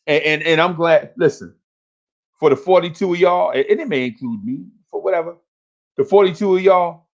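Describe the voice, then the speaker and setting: A man's voice: on the high side, moderate pace, muffled recording. A man hosting a fan livestream, talking casually and hyping up his chat in repetitive, slangy calls.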